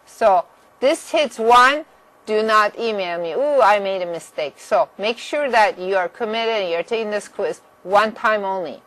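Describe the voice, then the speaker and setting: A woman's voice: mid-range voice, unhurried, a bit bright, poor audio. Firm woman instructor explaining course rules. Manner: direct, firm about deadlines, clears throat at times. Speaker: math instructor. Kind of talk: course orientation lecture.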